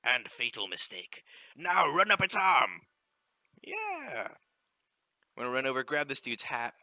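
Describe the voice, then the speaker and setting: A man giving relaxed, chatty commentary while playing through a video game. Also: medium pitch, normal speed, no echo. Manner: relaxed, chatty, explaining as he plays. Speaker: let's play gamer. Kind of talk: casual gameplay commentary.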